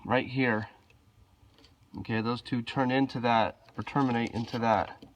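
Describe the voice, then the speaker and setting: A man with a cold, sounding rough and nasal, filming himself with a handheld camera while casually explaining a car repair, hesitant and apologetic. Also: medium pitch, unhurried, slight background noise. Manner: relaxed, hesitant, apologetic asides. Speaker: DIY car mechanic. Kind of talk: casual how-to walkthrough.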